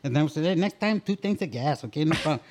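A man's voice: a little high, lively intonation, quick pace, darkish tone, a little hiss or hum. A man guesting on a podcast, telling stories with lots of laughter, cursing and mixing in bits of Spanish. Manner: laughing, profane, mixes in Spanish phrases. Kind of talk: casual chat, storytelling.

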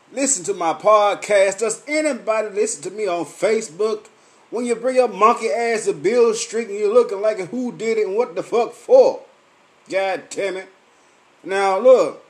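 A tipsy man, rambling and cursing freely as he hosts a late-night live chat from home. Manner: profane, loose and boisterous, swings from low mumbles to loud outbursts. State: tipsy from drinking. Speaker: podcast and Facebook live host.

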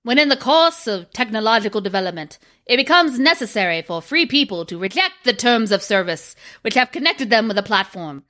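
A woman's voice: a little high, fairly bright tone. A woman putting on an old-timey man's voice to read a proclamation in a mock-solemn, pompous way. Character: old-timey American man reading a proclamation.

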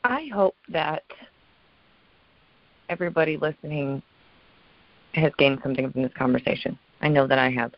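A woman co-hosting an interview podcast, delivering a measured, earnest, encouraging closing statement. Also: sits low, no echo, muffled recording. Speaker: podcast co-host.

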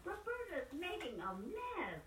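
A woman reading aloud, voicing a bossy young girl with a shrill, scolding voice. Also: huge pitch swings, a little slow, a bit bright, full character voice. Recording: roomy, distant, noisy home recording.

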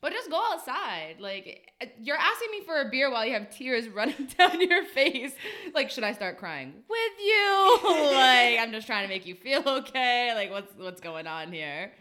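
A young woman bartender trades stories on a podcast in casual chat. Her voice is bright and ringing, and her pitch swings widely as she laughs through her tales and curses freely. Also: big pitch swings, normal speed, few pauses. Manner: laughing storyteller, swears freely.

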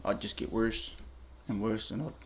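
A man's voice: fairly even intonation, normal speed, creaky. Blunt, swearing New Zealand man. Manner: blunt, heavy swearing, slangy, low-key. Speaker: interviewee. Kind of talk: candid personal story, casual chat.

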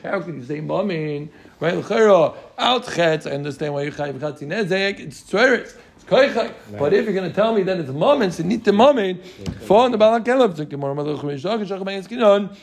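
High-voiced man teaching a Talmud class. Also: gravelly, husky. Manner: explains with Yiddish-inflected Yeshivish terms, quizzes students.

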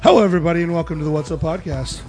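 A man's voice: a little high, very fast, darkish tone, faint music behind. A man hosting a podcast, chatting casually and teasing his guest, joking and swearing freely. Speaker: podcast host. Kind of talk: casual profane banter.

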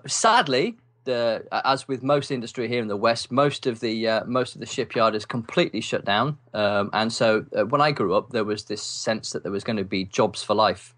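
An English man, a writer and podcast guest, telling wry stories from his youth in a relaxed interview, with lots of ums. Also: on the low side. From England. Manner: animated, wry storyteller with many ums and laughs. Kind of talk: casual storytelling interview.

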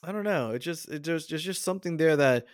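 A man's voice: fairly high pitch, fairly quick, no echo, studio quality. A man co-hosting a podcast, chatting casually about movies with plenty of fillers and restarts. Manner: acts out movie quotes in shifting voices, rambling with fillers. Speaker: podcast co-host.

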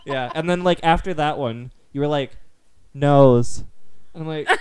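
A man's voice: on the high side, fairly quick, slight background noise. A young man animatedly retelling a chaotic night to friends, laughing as he goes. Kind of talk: casual chat.

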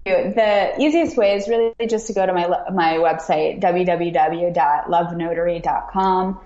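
A woman's voice: fairly low pitch, measured pace, dark tone. A woman guest on a podcast, talking in an earnest, encouraging way. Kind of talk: casual podcast chat. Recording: roomy, dull remote audio.

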